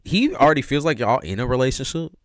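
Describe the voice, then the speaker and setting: A man's voice: mid-range voice, very animated, fast, no echo. A man giving a casual livestream tarot reading, talking in slang, with lots of expression and frequent laughs. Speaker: tarot reader.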